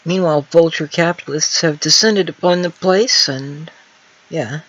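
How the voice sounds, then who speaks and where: A man's voice: fairly high pitch, moderate pace, fairly bright tone, lo-fi sound. A man co-hosting a casual political chat, talking in a hesitant, wry way. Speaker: guest co-host.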